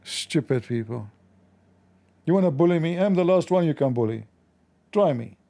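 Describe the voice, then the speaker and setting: A man's voice: a little high, lively intonation, normal speed, warm tone. A man hosting a livestream who answers chat in a combative, sarcastic way, with non-native English grammar. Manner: mocking, sarcastic, confrontational. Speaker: livestream host.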